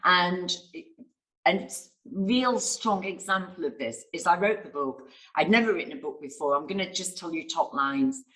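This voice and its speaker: A woman's voice: on the low side, expressive, moderate pace, fairly bright tone, low-quality recording. A woman, a success coach, answering interview questions with enthusiastic storytelling and acted-out quotes. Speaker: guest speaker and success coach.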